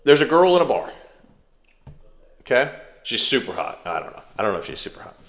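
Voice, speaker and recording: A man's voice: medium pitch, very animated, brisk. Rambling male podcast storyteller, echoey room. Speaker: podcast co-host. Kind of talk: casual storytelling chat.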